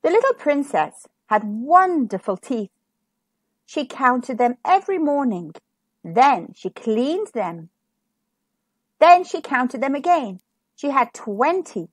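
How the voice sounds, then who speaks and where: A woman reading a children's picture book aloud, slow and expressive for young listeners. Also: sits high, slightly rough, no echo. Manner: slow, expressive storytelling for kids. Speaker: storybook reader.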